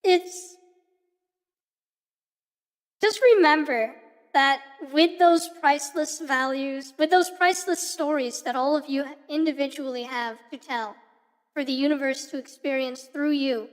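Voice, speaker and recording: A woman streamer with a very high voice gives a slow, earnest pep talk to her chat. She pauses now and then to search for her words. Her voice carries a long reverb tail over faint music.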